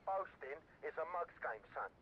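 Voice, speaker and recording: A slangy phone fixer. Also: male voice, on the high side, sing-song, a little hiss or hum. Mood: warning, cheeky. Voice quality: chatty, slangy and fast. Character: cocky small-time English male fixer. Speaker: game character on a phone call. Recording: muffled phone line.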